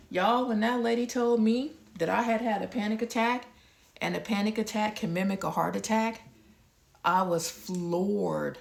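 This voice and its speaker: Gravelly-voiced woman telling a story. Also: mid-range voice, moderate pace. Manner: candid, talks straight to viewers. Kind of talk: casual storytelling to viewers.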